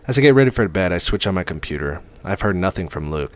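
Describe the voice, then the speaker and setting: Deep-voiced man reading a story aloud. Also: expressive, fast talker. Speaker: reader. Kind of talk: first-person story reading.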